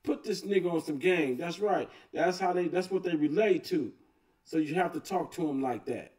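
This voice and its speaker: A man's voice: fairly high pitch, normal speed, darkish tone, recorded from a distance. A man hosting a reaction video, commenting on a clip in a laid-back way and agreeing often.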